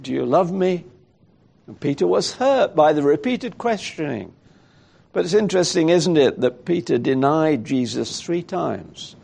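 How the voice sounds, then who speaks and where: A man's voice: fairly high pitch, animated, measured pace, gravelly, darkish tone, husky. A man preaching a sermon in a reflective way, thinking aloud and asking rhetorical questions.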